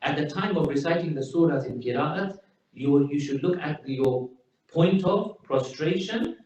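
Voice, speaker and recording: A man delivers an emphatic, storytelling sermon with a somewhat high voice. He stands away from the mic in a very reverberant hall, and the recording sounds a little dull. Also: expressive, unhurried, darkish tone, recorded from a distance. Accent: British English. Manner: emphatic, storytelling with Arabic phrases. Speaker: preacher. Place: mosque hall.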